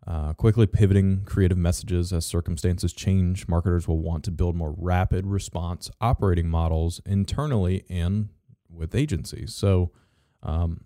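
A man co-hosting a casual business chat, halting with many fillers and restarts, with dry sarcastic asides. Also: low-pitched, mellow, dry recording. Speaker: podcast co-host.

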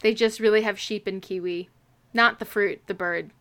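A woman co-hosting a podcast in casual chat, chatty and quick to jump in with jokes. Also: medium pitch, fairly even intonation, a bit bright. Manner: chatty, quick to interrupt and joke. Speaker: podcast co-host.

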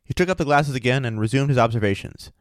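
A man reads a story aloud, steady and even. His voice sits in a middle pitch. The sound is dry and close. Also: fast, no echo. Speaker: story reader and host. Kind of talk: reading a story aloud, then casual chat.

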